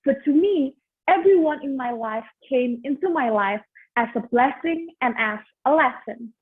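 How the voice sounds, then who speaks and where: A teenage girl from Indonesia giving a memorized competition speech as a lively story. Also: sits high, normal speed, husky. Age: teens. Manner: lively, animated storytelling with acted quotes. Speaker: student speech contestant. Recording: tinny phone-like audio.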